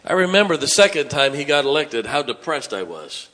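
A man's voice: medium pitch, sing-song, fairly quick, sharp tone. A man preaching a sermon, folksy, joking and blunt as a pastor speaking to his congregation.

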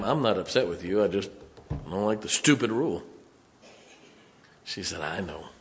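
A man's voice: medium pitch, a bit bright, long reverb tail. A middle-aged male pastor, preaching a sermon in a church with folksy, conversational stories. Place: church sanctuary.

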